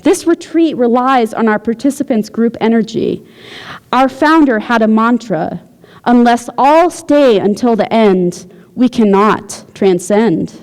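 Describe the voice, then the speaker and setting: A woman voicing a preachy female retreat leader who speaks in a calm, hypnotic murmur. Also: a little high, measured pace, lightly acted. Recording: long hall reverb.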